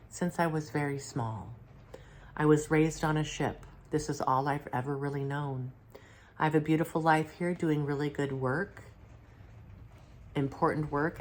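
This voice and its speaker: A gentle male reptilian alien offers warm encouragement, voiced by a woman channeling him. The voice is deep and calm, affectionate and reassuring.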